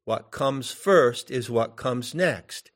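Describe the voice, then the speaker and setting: A man giving slow meditation instruction in drawn-out phrases with long pauses. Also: mid-range voice, animated, a bit bright. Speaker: meditation teacher.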